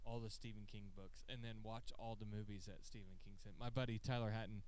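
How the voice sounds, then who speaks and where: A man co-hosting a podcast, chatting casually and retelling stories in a rambling, animated, profane way. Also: on the low side, brisk, a little hiss or hum. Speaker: podcast co-host. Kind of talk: casual chat, excited storytelling. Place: podcast studio.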